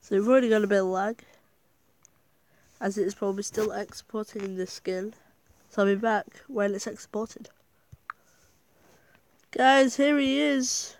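A woman gaming vlogger chats her way through gameplay, thinking aloud and getting excitable. She talks at a slow, unhurried pace in a mid-range voice. The sound is dry and close. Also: mid-range voice, no room sound. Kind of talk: casual gameplay commentary.

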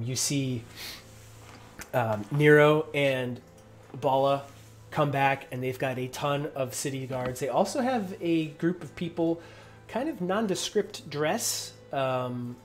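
A man's voice: a little high, animated, a little slow, faint music behind. Man running a tabletop game. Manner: loose, filler-heavy narration. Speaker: game master.

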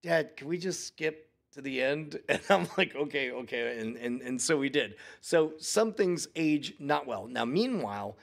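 A man in his forties chatting casually on a podcast, rambling and acting out quotes in lively voices. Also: medium pitch, a little slow, gravelly, few pauses. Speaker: podcast co-host. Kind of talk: casual chat.

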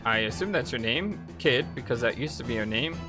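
A man's voice: medium pitch, brisk. A man hosting a let's play, giving casual, wry game commentary. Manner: animated, wry, easily amused. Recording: music playing behind voice.

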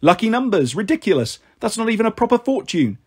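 Sneering, cackling storybook goddess of revenge, put on by a male reader, husky edge. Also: high voice, very animated, fast talker, a little mellow, pitched above the performer's own voice, exaggerated voice. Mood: scornful. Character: scornful goddess of revenge, woman, sour and sneering.

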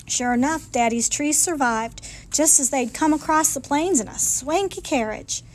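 High-voiced woman reading a folksy storybook. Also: moderate pace. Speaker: library storyteller. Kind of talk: reading a picture book aloud. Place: library.

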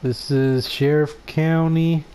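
A man giving excitable, laugh-filled let's play commentary, swearing freely as he reacts to the game. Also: fairly high pitch, slow pace, clear, resonant tone. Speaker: gaming commentator.

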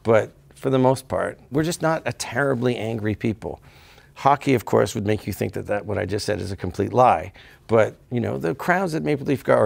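A Canadian man in his fifties with a Canadian accent, chatting as an interview guest, animated and joking, slipping into mimicked voices. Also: mid-range voice, vocal fry, no echo. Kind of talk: casual interview chat.

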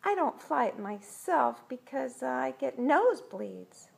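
An older woman voicing a clever, sly little girl inventor in a bright, coy voice. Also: high-pitched, big pitch swings, slow pace, gravelly, husky, voice pushed up, exaggerated voice.

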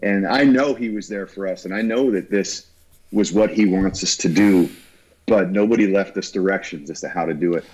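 A man, a guest musician, talking earnestly and haltingly about a lost friend in an interview. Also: sits low, darkish tone, slightly rough, low-quality recording. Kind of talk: heartfelt interview talk.

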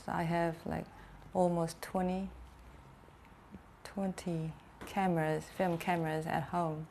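An actress giving casual, self-deprecating interview answers. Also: female voice, on the low side, flat delivery, takes it slowly, mellow, a little hiss or hum.

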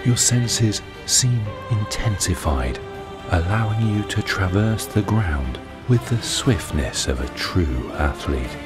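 A man doing his deep voiceover voice, calmly narrating an immersive second-person scene over a loud music bed. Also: slow, few pauses. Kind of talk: deep voiceover narration of a guided running audio.

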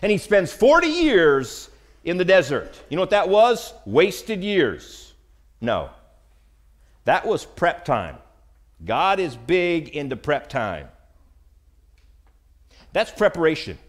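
A man preaching a sermon, animated and acting out the lines of Bible characters. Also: a little high, slow pace, pauses often. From United States.

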